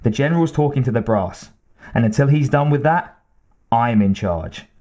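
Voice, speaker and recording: A male reader plays an arrogant, blustering officer in a military thriller audiobook. His voice is brusque and bossy, pitched slightly higher than the narration. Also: expressive, normal speed, mellow, close to an everyday voice. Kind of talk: audiobook character reading.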